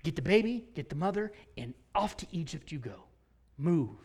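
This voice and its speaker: A man preaching a sermon, telling a story with lively swings between loud emphasis and hushed whispers. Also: on the high side, brisk. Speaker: pastor.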